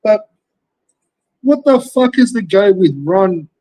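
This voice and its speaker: A man's voice: high-pitched, animated, slow pace, warm tone, poor audio. An Australian man, a young adult, ranting in casual commentary, swearing constantly and rambling through rhetorical questions. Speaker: commentary streamer.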